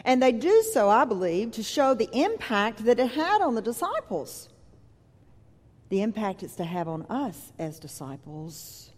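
Unhurried woman preacher in a reverberant hall. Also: fairly high pitch, sing-song, darkish tone. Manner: conversational, vivid retelling of scripture. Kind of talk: sermon with scripture reading. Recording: long reverb from a large hall.

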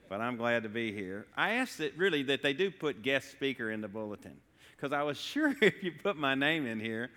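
A man's voice: mid-range voice, sharp tone, smooth. A middle-aged man, speaking as a guest speaker at church, folksy and self-deprecating. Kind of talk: humorous church talk. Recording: long hall reverb.

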